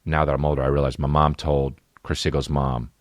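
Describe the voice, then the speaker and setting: A man's voice: a bass voice, flat delivery, a little fast, dry recording, studio quality. A man in his late thirties from New Jersey, telling comedic stories as a podcast host in a profane, rambling way. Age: 30s. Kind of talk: comedic storytelling.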